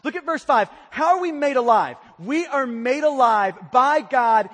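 A male pastor delivers a sermon in a strikingly high voice. He swings from hushed, quiet lines to loud, emphatic ones. His words ring out in the long reverb of a large church hall. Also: lively intonation, unhurried, husky. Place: church sanctuary.

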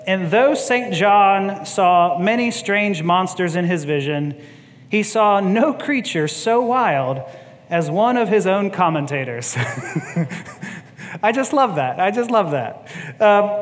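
Chuckling preacher in a reverberant hall. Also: male voice, sits high, a bit bright. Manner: conversational, laughs often, repeats words as he thinks. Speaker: pastor. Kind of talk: sermon teaching.

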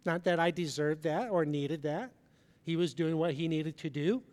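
A man's voice: on the high side, moderate pace. Man preaching in a reverberant hall. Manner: storytelling with emotional swings, from loud emphasis to soft near-whispers. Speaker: pastor. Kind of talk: sermon. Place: large church hall.

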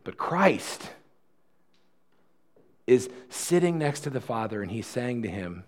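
A male pastor delivers a sermon in an earnest, conversational way. His voice sits at a middle pitch, and he often restarts phrases as he presses his point. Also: big pitch swings, slow pace, long pauses.

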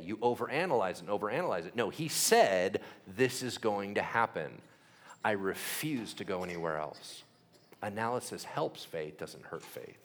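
A man preaching a sermon to a congregation, joking and acting out quoted voices. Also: mid-range voice. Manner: animated, jokey, acts out quoted voices. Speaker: pastor.

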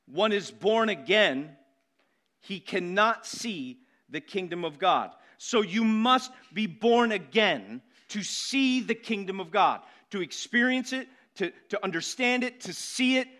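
A man with a notably high voice preaches a sermon from the pulpit. He hammers home his points by repeating words and drawing out the key phrases slowly. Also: expressive, fairly bright tone. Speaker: pastor.

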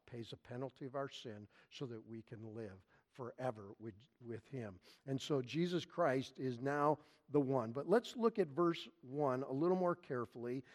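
Emphatic preaching man, slightly high voice. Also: darkish tone. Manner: emphatic preaching, repeating key phrases with slow stress. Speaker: pastor. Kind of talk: sermon.

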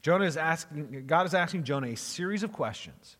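A man delivers a sermon from the pulpit, conversational yet emphatic, hammering home his points by repeating them. His pitch swings widely, and his voice carries with the long reverb of a large hall. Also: animated, fairly quick, a bit bright. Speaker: pastor.

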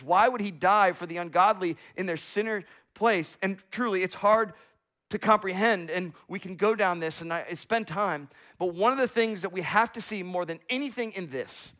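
A pastor in his thirties preaches with earnest conviction, his fairly high male voice leaning hard into key phrases. He slows right down to stress a point, then drops to a hushed, soft delivery. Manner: earnest, swings from emphatic and slow to hushed and soft. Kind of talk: sermon.

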